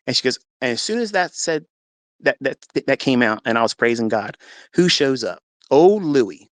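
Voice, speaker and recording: A man's voice: mid-range voice, quick pace, dry recording. A man with a mid-range voice earnestly recounting a personal faith story to an online audience, acting out his own past words as he goes. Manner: religious. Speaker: trading mentor. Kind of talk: personal testimony told to an audio-chat audience.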